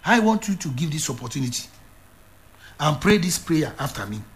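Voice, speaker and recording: Man, evangelist sermon, high voice, swings up and down a lot. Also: big pitch swings, normal speed. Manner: emphatic, repetitive preaching with stammered restarts. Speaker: evangelist preacher.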